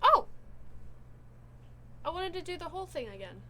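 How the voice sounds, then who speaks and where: A woman streaming a game live, excitable and playful, often breaking into shouts. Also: extremely high pitch, moderate pace, a little hiss or hum.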